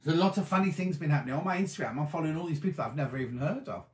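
Talking very fast in a high-leaning voice with a darkish tone, a tired host rambles through a casual live-stream chat. He reads viewers' comments aloud and answers them, all in an echoey room.

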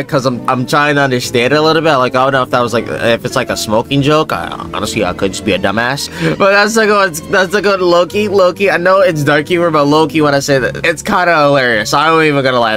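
A man chatting his way through a reaction video, repeating himself and trailing off into asides. His pitch swings widely and sits a little high. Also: lively intonation, fast, few pauses, pushed and bright, faint music behind. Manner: loose and rambling, with lots of repeated asides. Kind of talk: casual reaction commentary.

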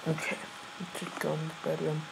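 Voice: mid-range voice, level tone, a little fast, creaky, noisy background. A young gamer giving casual, rambling gameplay commentary, giggling and hesitating often. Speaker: let's play gamer.

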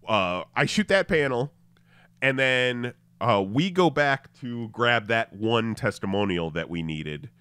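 Animated man telling a story. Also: medium pitch, clean tone, dry recording. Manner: animated storyteller, swearing, laughing at own story. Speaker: podcast host. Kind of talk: casual storytelling chat.

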